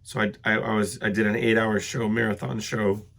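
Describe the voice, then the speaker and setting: A middle-aged man hosting a casual solo podcast while sick and congested, rambling with many fillers and clearing his throat. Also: fairly low pitch, flat delivery, fairly quick, fairly bright tone. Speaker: podcast host.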